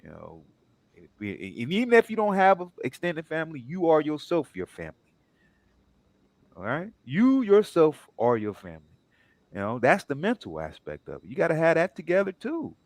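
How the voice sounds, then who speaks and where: A man on a discussion panel speaking in a measured, sermon-like way, with many filler pauses. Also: on the high side, wildly swooping pitch, dry recording. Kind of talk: preachy panel talk.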